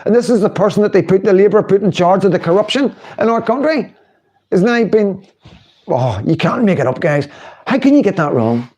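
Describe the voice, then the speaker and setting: A middle-aged man talks into his livestream in a loose, rambling way, laughing often and mocking what he's watching. His voice sits a little high for a man. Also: animated, a little fast, a little mellow. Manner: chatty, laughing, mocking political commentary. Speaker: livestream host. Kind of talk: casual livestream talk.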